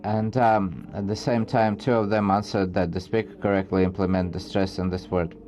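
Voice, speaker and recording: A man giving an academic research presentation, reading from slides in a halting way with frequent restarts. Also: sits low, flat delivery, a little mellow, slight background noise.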